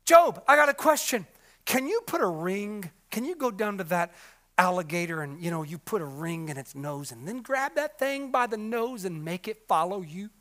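High, bright-voiced man preaching dramatically. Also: animated, normal speed. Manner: dramatic preaching, swings from shouting to whispering. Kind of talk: sermon.

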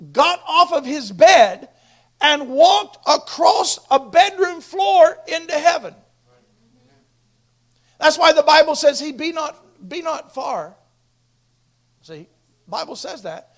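A man preaching a sermon with great passion, swinging from hushed asides to shouted appeals. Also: very high-pitched.

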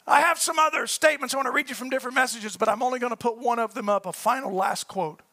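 A preacher with a very high, bright, forceful voice. He reads scripture and works up to shouted peaks before falling back into low, quiet asides. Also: fast, no room sound. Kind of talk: sermon reading scripture.

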